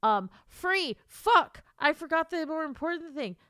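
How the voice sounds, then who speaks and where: A woman's voice: high voice, expressive, unhurried, bright, forceful tone, no echo, clean studio sound. A woman streamer chatting casually with her viewers, emotional and teary, laughing and rambling as she talks. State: teary, crying on and off. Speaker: streamer and author. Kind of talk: casual live-stream chat.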